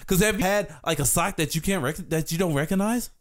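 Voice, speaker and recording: A man's voice: high-pitched, fast talker. A middle-aged man hosting a casual podcast chat, swearing freely and telling stories with lots of laughter. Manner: profane, laughing, animated storyteller. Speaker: podcast host.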